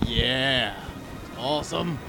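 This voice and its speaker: A man's voice: mid-range voice, extremely slow, gravelly, music in the background. A man co-hosting a podcast in casual chat, dry and playful, with wordy explanations. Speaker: podcast co-host.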